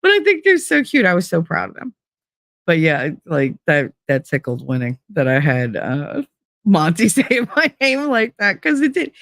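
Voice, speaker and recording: A woman's voice: lowish voice, wildly swooping pitch, normal speed, fairly bright tone, no room sound, studio quality. Giggly, rambling woman streamer. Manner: rambling, giggly, swears freely. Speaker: live streamer. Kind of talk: casual chat stream.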